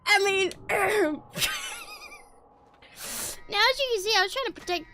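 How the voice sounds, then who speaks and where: A woman's voice: very high voice, expressive, unhurried, raised voice, heavy background noise. A woman streaming a game in character as a bashful male cowboy outlaw, stammering and rambling with frequent laughs.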